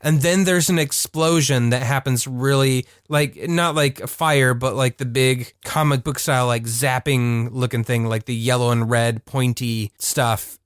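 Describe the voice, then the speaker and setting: A man co-hosting a podcast, chatting casually about an old cartoon in a rambling, animated way with frequent laughter. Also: mid-range voice, measured pace, few pauses, clear, resonant tone, dry recording, clean studio sound. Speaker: podcast co-host. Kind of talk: casual chat reviewing a cartoon.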